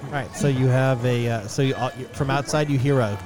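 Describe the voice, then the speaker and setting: A man's voice: medium pitch, brisk, music in the background. A man running a tabletop game as game master, narrating loosely with fillers. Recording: noisy background.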